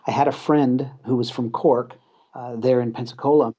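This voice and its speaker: Mellow American man on muffled audio. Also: medium pitch, moderate pace, slightly rough. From United States. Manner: relaxed storyteller, chuckles often, many fillers. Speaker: guest. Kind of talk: casual interview chat.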